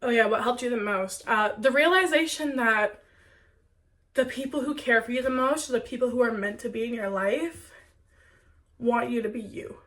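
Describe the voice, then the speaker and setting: A woman's voice: on the high side, moderate pace, fairly bright tone, distant mic. A young adult woman who is sick with a cold, talking earnestly and chattily to viewers in a spiritual Q&A vlog. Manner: earnest, heartfelt, chatty with many "like"s. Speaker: spiritual content creator.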